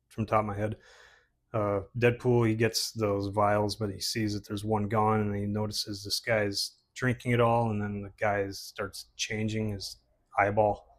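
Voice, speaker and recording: Man, fairly low voice, casual chat, rambling, filler-heavy. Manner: rambling, many fillers and restarts, quotes critics in a raised voice. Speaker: comic artist showing his portfolio.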